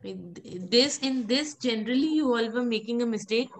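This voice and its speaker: A woman's voice: on the high side, expressive, normal speed. A woman teaching French pronunciation in an online class, patiently repeating words and calling on students by name. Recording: noisy background.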